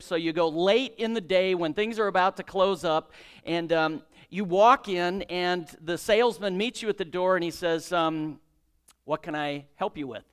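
A male preacher with a fairly high, clear, resonant voice. He talks in a conversational storytelling way and acts out the dialogue of his story. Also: a bit bright. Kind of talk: sermon with prayer and storytelling.

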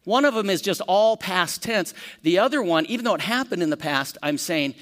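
Pastor, male, fairly high voice, animated conversational teaching with questions to the group. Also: big-room sound. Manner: conversational, asks the room questions; acts out quick lively storytelling examples. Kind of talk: Bible study teaching.

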